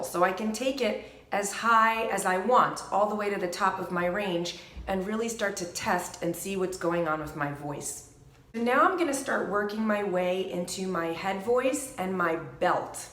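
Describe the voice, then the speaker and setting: A woman vocal coach calmly explaining a gentle singing warmup, stopping to sing short demonstration syllables. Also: medium pitch. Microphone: microphone. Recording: echoey room with piano.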